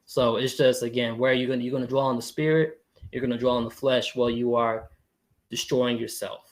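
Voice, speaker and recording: A man's voice: mid-range voice, little pitch movement, a little fast. A young man as a podcast guest, talking in an earnest, thoughtful way with frequent chuckles. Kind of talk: reflective faith talk.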